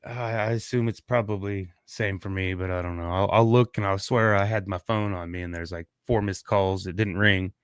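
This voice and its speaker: Man, low voice, dry close sound, casual podcast chat, rambling and relaxed. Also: normal speed, hardly any pauses, clean tone, dry recording. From Kansas, USA. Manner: rambling, laid-back, trails off and restarts. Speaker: podcast co-host.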